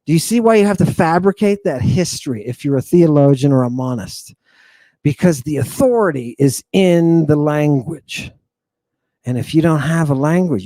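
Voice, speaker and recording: A man's voice: a little high, no room sound. Theatrical man teaching like a drill sergeant. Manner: animated, teasing. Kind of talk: online Ancient Greek lesson.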